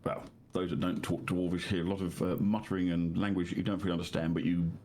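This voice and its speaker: A man, narrating his character's actions in a tabletop game with lively, colloquial storytelling. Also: low-pitched, fast talker, a little hiss or hum. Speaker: player.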